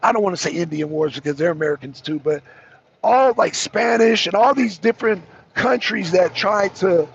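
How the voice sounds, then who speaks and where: A hoarse man from the Southern US hosting a casual livestream, chatty, calling viewers y'all and clearing his throat often. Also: sits high, slight background noise. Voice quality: raspy, gravelly. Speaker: talk show host. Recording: dull lo-fi stream audio.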